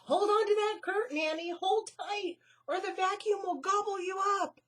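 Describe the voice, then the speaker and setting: A woman voicing a grand, showy female city mouse who talks grandly and gets excitable. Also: a little high, a little slow. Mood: urgent.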